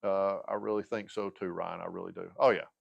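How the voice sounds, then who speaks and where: A man's voice: sits low, little pitch movement, brisk, gravelly, no room sound, highs cut off. A man in his fifties hosting a casual livestream chat, rambling, losing his train of thought and filling gaps with lots of uhs and restarts. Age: 50s. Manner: hesitant, many fillers and restarts. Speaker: livestream host.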